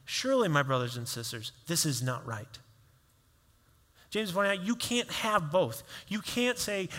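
A man's voice: sits high, expressive, a little slow, pushed and bright. Male pastor, conversational sermon in a reverberant hall. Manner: conversational preaching, acts out quoted voices.

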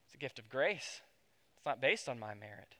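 A pastor preaching a sermon to his congregation, swinging between loud emphasis and hushed tones. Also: mid-range voice, very animated, normal speed. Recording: long hall reverb.

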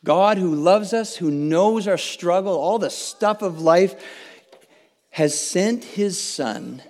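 A man's voice: sits high, animated, slow, darkish tone. A man preaching a conversational sermon as pastor, earnest and chatty, often restarting and adding tag questions. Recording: long reverb from a large hall.

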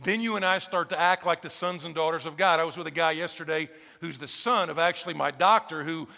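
A male pastor delivers a sermon in a high, bright voice with a gravelly edge. He keeps it conversational, asking the congregation question after question. A long reverb hangs on every phrase in the church. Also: fairly quick.

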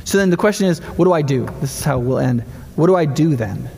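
Speaking fast with vocal fry in a fairly high voice, a middle-aged male pastor delivers a lively, conversational sermon full of rhetorical questions in a large hall.

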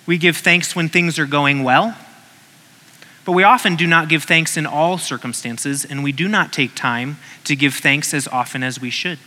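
A man preaches a sermon with a bright, forceful voice that sits a little high for a man. He talks casually, reads scripture and acts out short voices along the way. His voice carries a long reverb from the hall. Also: moderate pace.

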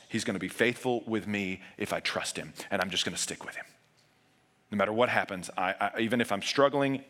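Male pastor, bright forceful tone, earnest sermon delivery that drops to hushed emphasis. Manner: earnest, swings between raised urgent passages and hushed low emphasis.

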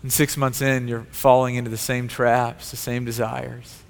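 A man's voice: medium pitch, level tone, moderate pace, creaky. A male pastor preaching a sermon with an earnest, repetitive cadence. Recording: long hall reverb.

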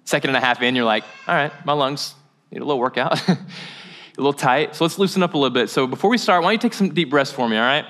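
A man preaching a sermon as a pastor, telling a story in a casual, animated way and laughing at his own jokes. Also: medium pitch, rapid-fire.

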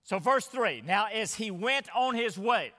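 A man's voice: high-pitched, expressive, a little slow, bright, forceful tone. A man preaching an expository sermon, reading scripture aloud with earnest, dramatic emphasis. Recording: long hall reverb.

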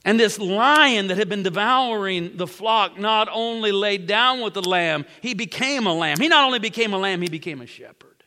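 A man's voice: high-pitched, moderate pace, hardly any pauses, pushed and bright, clean tone, long reverb tail. A man preaching a sermon. He tells a story dramatically, repeating phrases and dropping to whispers.

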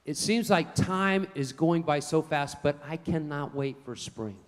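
A man preaching a sermon, telling folksy stories in an animated way. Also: on the high side, measured pace, big-room sound. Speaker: pastor.

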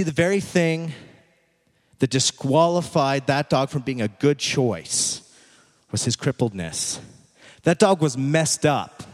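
Man preaching with dramatic, hushed pauses. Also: medium pitch. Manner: dramatic storytelling, slow emphatic pauses, drops to near whisper. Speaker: pastor. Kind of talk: sermon. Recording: echoey hall.

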